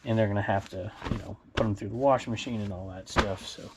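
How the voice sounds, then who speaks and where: A man's voice: fairly low pitch, steady tone, quick pace, noisy background. Chatty man rambling through a vlog. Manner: rambling, chatty, chuckles to himself. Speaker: online reseller showing sold items. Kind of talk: casual vlog walkthrough. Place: indoor storage room with bins.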